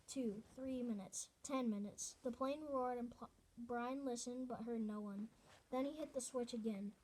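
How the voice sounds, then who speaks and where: A woman's voice: on the high side, steady tone, unhurried, a little mellow, slight background noise. A woman reading a novel aloud in an earnest way, often restarting and correcting herself mid-sentence. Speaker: reader.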